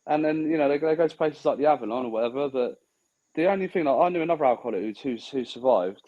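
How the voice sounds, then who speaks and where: A man's voice: fairly high pitch, expressive, fast, dull audio. A man in casual podcast chat, blunt and swearing freely, telling stories and acting out what others said. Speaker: podcast co-host.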